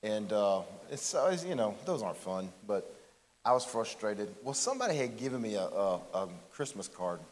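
A man's voice: on the low side, very animated, normal speed, darkish tone. A middle-aged man giving a candid, conversational sermon as pastor, often restarting his phrases. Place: church sanctuary. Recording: long reverb of a large church hall.

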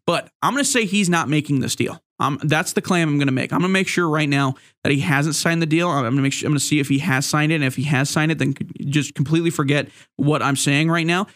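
Joking higher-voiced sports podcast man. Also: fast talker, few pauses, fairly bright tone, dry recording, studio quality. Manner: joking, playful asides; rambling with many fillers and restarts. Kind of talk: solo sports commentary podcast.

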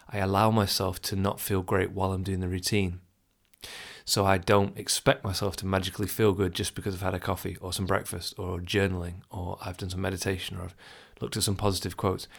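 A man's voice: deep voice, vocal fry. A man talking casually and reflectively about overthinking, chuckling now and then and acting out his inner thoughts. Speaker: self-help speaker. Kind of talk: casual advice talk to the listener.

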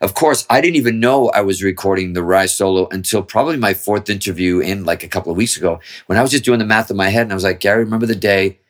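Fast-talking low-voiced man telling stories. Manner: rambling, profane, with frequent restarts. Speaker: guest musician. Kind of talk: casual storytelling interview.

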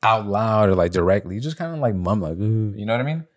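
Lowish and animated, this young man's voice races along as he co-hosts a podcast. He's telling friends a casual story, frequently swearing and acting out quotes loudly.

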